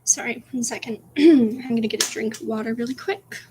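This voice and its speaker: A woman streamer reading her own spooky story aloud, soft and whispery, with giggly asides to chat. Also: on the high side, a little fast, noisy background.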